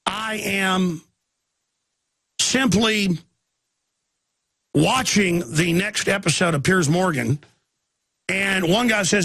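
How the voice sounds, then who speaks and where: A man holds forth on his talk radio show in an intense, rambling monologue, restarting sentences and rising into sudden outbursts. His voice sits high for a man, with a husky, gravelly rasp. The sound is close and dry. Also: animated, unhurried, long pauses, fairly bright tone, no room sound.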